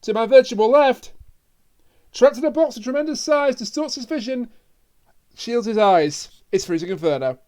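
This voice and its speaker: In casual podcast chat, a host with a medium-pitched, expressive, slightly mellow voice talks at a moderate pace. They joke around, laugh often, and trip over their words.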